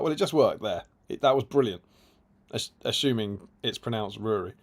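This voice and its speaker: A man's voice: mid-range voice, expressive, brisk, gravelly, darkish tone. A man co-hosting a casual live stream, reading viewer comments aloud with playful asides. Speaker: co-host reading chat.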